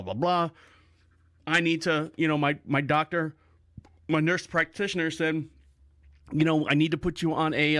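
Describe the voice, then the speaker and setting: A middle-aged man hosts a podcast, spinning a loose, joking story with plenty of chuckles. His voice sits a little high for a man. The sound is close and dry, with no room echo. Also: fairly bright tone. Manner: rambling, joking, laughs while telling stories. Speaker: podcast host. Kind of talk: casual storytelling monologue.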